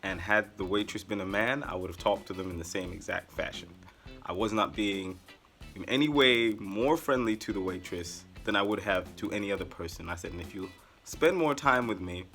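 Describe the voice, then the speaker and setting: A man telling a rambling personal story in a casual, animated way, with sarcastic asides. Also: low-pitched. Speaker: vlogger.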